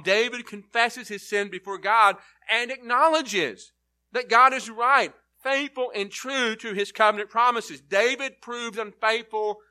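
A man's voice: high-pitched, sharp tone. A male preacher giving an earnest Bible-teaching sermon, leaning hard on key words.

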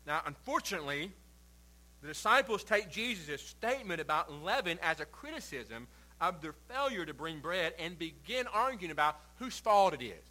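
A male pastor preaching a sermon, reading scripture aloud and then explaining it with swings between quiet and forceful emphasis. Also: on the high side, sing-song, moderate pace, low-quality recording. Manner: reads scripture then preaches with shifting loud and soft emphasis.

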